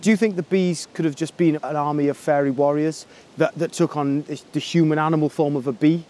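Male comic host, earnest deadpan, rapid delivery. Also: a little high. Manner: deadpan, earnest about absurd ideas. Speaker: comedy host. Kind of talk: mock-serious comic banter.

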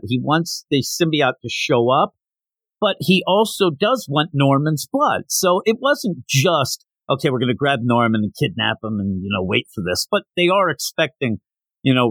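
A man hosting a podcast, casually recapping a comic issue and jumping into quick, animated voices for the characters' lines. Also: mid-range voice, no echo. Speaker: podcast host.

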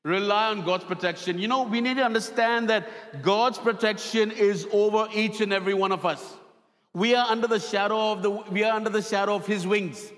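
Male pastor, high voice, preaching with dramatic storytelling, hall reverb. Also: fairly even intonation, fairly quick, a bit bright. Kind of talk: sermon.

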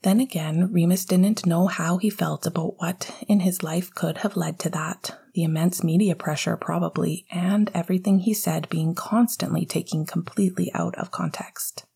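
A woman whispering a story aloud in a hushed, intimate reading. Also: fairly low pitch, steady tone, normal speed, vocal fry, few pauses, husky. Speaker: narrator. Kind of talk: whispered narration.

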